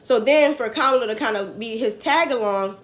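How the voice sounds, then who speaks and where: A woman with a New Jersey accent hosts a laid-back political commentary livestream. She rambles in a chatty, slangy way and restarts her sentences often. Her voice sits a little high. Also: a little fast, a bit bright. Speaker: host.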